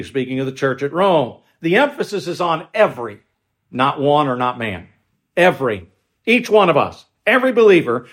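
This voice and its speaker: A man serving as pastor, preaching a sermon in a measured way, with restarts and asides. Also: fairly high pitch.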